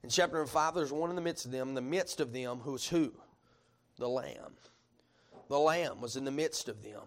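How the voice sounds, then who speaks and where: A man preaching a sermon, reading scripture slowly and stopping to ask the congregation questions in conversational asides. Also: medium pitch. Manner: reads scripture slowly and deliberately.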